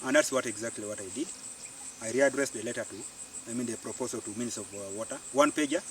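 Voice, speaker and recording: A Ugandan man, a farmer and community organiser, telling his story in an animated way and repeating phrases for emphasis, recorded outdoors. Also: mid-range voice, quick pace, a little hiss or hum. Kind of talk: storytelling interview. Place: outdoors on a farm. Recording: distant mic outdoors, faint insects.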